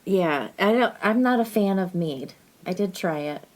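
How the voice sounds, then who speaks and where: A woman's voice: mid-range voice, lively intonation, moderate pace, darkish tone. Curious questioning woman. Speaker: podcast co-host. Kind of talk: casual chat.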